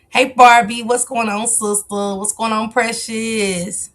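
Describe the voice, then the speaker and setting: Chatty woman livestream host, AAVE. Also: a little high. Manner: greets chat viewers by name, drawn-out excited calls. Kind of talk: casual livestream chat.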